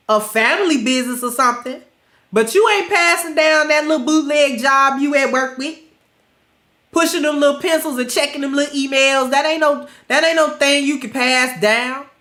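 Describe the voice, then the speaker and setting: A woman with a stuffy, congested voice gives blunt, preachy livestream commentary in a loose, colloquial way. Her voice sits high, and the recording has a noticeable roomy echo. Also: moderate pace, fairly bright tone. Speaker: livestream host.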